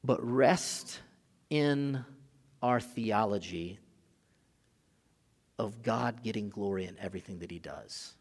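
A man preaching a sermon as pastor, shifting between casual asides and loud, emphatic scripture reading. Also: lowish voice, takes it slowly, pauses often, husky. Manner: animated, rising to loud emphatic peaks when reading scripture; casual asides with filler and restarts. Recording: long hall reverb.

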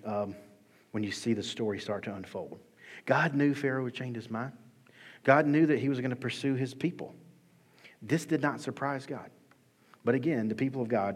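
A man preaching a sermon in a relaxed, conversational way, acting out quoted voices with humor. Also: fairly low pitch, breathy edge. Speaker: pastor. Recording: long reverb of a large hall.

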